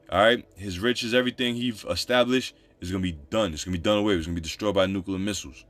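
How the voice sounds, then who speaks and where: A man's voice: on the low side, quick pace, hardly any pauses, a bit bright, no echo, faint music behind. A man preaching, reading Bible verses and explaining them in loose, repetitive street talk. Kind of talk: scripture teaching.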